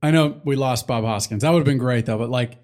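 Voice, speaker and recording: A man's voice: mid-range voice, quick pace, darkish tone. A man chatting casually on a podcast, rambling and swearing, with frequent filler words. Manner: profane, rambling, breaks into goofy impressions. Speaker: podcast co-host. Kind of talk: casual chat.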